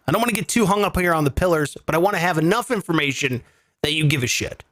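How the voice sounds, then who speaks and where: A man's voice: a little high, expressive, fast talker, a bit bright. A man hosting a comedy finance podcast, talking casually with swearing and joking rants. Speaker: comedy finance show host.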